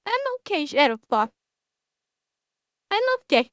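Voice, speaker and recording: A woman's voice: sits high, very animated, a little slow, a bit bright, dry recording, lo-fi sound. A woman streamer reacting to videos in casual commentary, emotional and exclaiming, close to tears and swearing.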